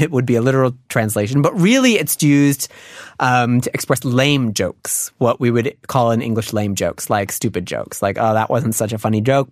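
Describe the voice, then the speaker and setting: A man in the middle of his range, patiently walking through a language lesson. He talks in a relaxed, loose way full of little fillers. The recording is dry and close, with no room sound. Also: medium pitch, no room sound. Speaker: language teacher. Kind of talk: casual explanatory lesson.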